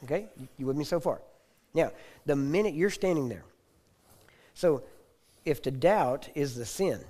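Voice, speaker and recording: A man teaching a sermon, often checking in with his listeners and clearing his throat now and then. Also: on the high side, warm tone. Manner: repetitive, asks the audience for agreement. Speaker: preacher.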